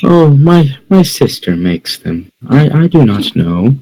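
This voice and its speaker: A man's voice: mid-range voice, big pitch swings, slow, very noisy, voice pushed up. A man voicing a creepy old woman who peddles pastries and sweetly calls people dearie. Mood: sugary, coaxing.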